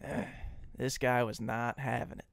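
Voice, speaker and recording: A young man co-hosting a podcast, spinning a story at an easy pace and acting out the people he talked to. His voice sits at a middle pitch and sounds dry and close to a studio mic. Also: unhurried, vocal fry, dry recording. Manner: animated storyteller, acts out phone calls. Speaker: podcast co-host. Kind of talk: casual storytelling chat.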